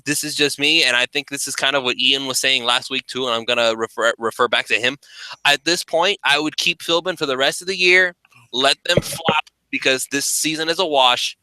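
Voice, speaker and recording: Blunt sarcastic man, bright dry voice. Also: a little high, no room sound, low-quality recording. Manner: blunt, sarcastic, stammers on restarts. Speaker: podcast co-host. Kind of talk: casual sports talk.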